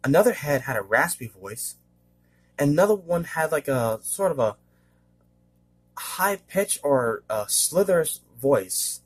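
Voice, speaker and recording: A man talks in a husky voice, his pitch rising and falling a great deal. He rambles in a casual vlog, hesitating over fillers and often clearing his throat. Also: big pitch swings, unhurried. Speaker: vlogger. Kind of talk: casual monologue.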